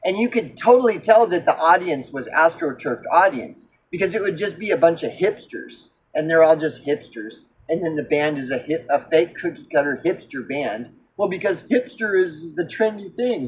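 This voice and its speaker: Profane, animated high-voiced man. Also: normal speed, slight background noise, low-quality recording. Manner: profane, animated, with frequent fillers and restarts. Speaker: musician. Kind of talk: casual storytelling monologue.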